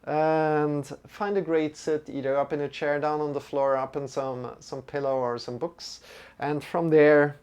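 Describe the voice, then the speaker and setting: A male yoga teacher talking through a live-streamed lesson in an unhurried, easygoing way. His voice is smooth and clean, sitting at an ordinary middle pitch. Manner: relaxed, chatty, greets viewers by name; slow, drawn-out mantra chanting.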